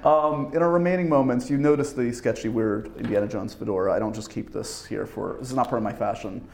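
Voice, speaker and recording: A male host leading a casual interview, playful and quick to laugh. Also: medium pitch, gravelly, darkish tone, reverberant.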